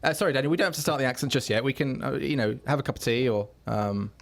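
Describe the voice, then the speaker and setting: A man's voice: medium pitch, quick pace, gravelly, natural voice. A man playing a flustered film director in a comedy sketch, polite but exasperated. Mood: politely strained.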